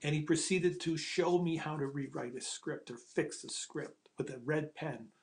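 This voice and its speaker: Middle-aged male screenwriter, slightly high voice, animated anecdote teller who acts out quotes and swears freely. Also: normal speed. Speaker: screenwriter and ghostwriter telling his story.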